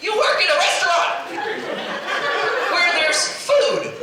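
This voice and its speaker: A man from New York performs a stand-up set with a very high voice, building his story into incredulous shouts. He is heard from far off in a hugely echoey convention hall. Noise sits clearly under the recording. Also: expressive, takes it slowly. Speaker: stand-up comedian. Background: crowd laughter.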